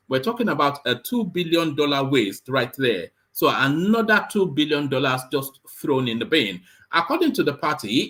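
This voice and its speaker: A man hosting a live show, reading a news report aloud and breaking off with halting, sarcastic comments full of fillers. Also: a little high, pushed and bright. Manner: halting, many fillers and repeated words; sarcastic asides.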